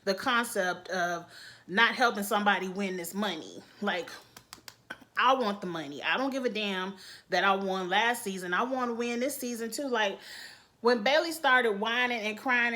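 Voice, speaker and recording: A woman's voice: mid-range voice, pushed and bright. A woman giving blunt, candid, chatty commentary as a reality TV reviewer. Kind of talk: casual opinionated commentary.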